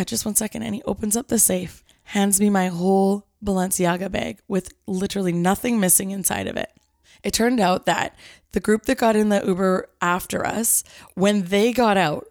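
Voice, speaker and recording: A young woman podcast host telling a story in a casual, lively way, acting out the voices of the people she quotes. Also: medium pitch, no room sound, clean studio sound. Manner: lively, acts out quoted voices, says "like" often.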